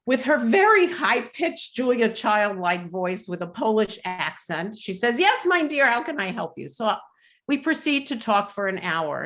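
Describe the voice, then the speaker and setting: A middle-aged woman speaking on a webinar video call, telling a personal family testimony in a measured, reflective way with pauses and fillers. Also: medium pitch, a bit bright.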